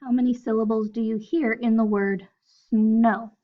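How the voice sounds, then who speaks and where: A woman's voice: on the high side, steady tone, moderate pace, phone-quality sound. A woman teaching a phonics lesson to first graders, patiently spelling out letters one at a time. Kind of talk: recorded phonics lesson for children.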